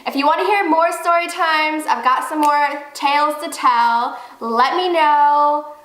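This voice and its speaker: Profane, animated young woman storyteller. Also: high-pitched, a little slow, roomy sound, slight background noise. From Arizona. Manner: animated, profane, acts out quotes. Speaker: vlogger telling a story. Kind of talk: casual storytime vlog.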